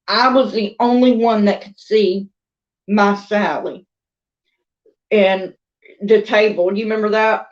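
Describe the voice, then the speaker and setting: Slow-talking Southern woman, chatty. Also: mid-range voice, fairly even intonation, dull audio. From American South. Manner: rambling, chatty, laughs between thoughts. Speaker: crochet and doll vlogger. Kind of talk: casual storytelling chat.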